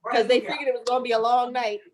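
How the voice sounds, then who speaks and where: Over crowd noise, a woman in her thirties with a fairly high voice tells her birth story at a quick pace. She laughs, swears, and acts out every voice in lively, animated quotes.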